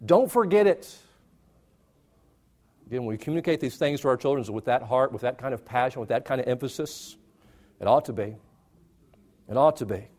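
A male pastor preaching a sermon, emphatic and repetitive, rising in pitch to stress key phrases. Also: quick pace, darkish tone.

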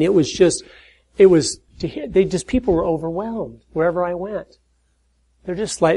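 A middle-aged man preaches to a gathering with a husky, mellow voice. He tells stories in earnest, swelling to emphatic peaks and then falling quiet for weight. His tone stays dark and low in the chest. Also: poor audio. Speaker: speaker at church and conservative conferences. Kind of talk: preaching talk with storytelling.

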